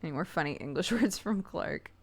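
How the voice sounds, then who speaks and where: A woman's voice: on the low side, animated, a little fast, breathy edge. A woman streaming a game, chatting casually with viewers in a rambling way and laughing often. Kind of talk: casual chat with viewers while gaming.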